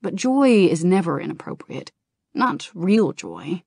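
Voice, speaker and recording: A woman reading the lines of a gentle, compassionate male dragon in human form in an audiobook. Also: lowish voice, very animated, a little slow, gravelly, breathy edge, dry recording, studio quality, exaggerated voice.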